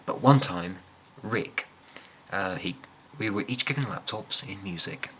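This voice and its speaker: A young man with an English accent telling rambling, amused school stories in a soft-spoken ASMR style, often slipping into whispers and hesitating with fillers. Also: low voice, measured pace, a little hiss or hum, rough recording. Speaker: ASMR storyteller.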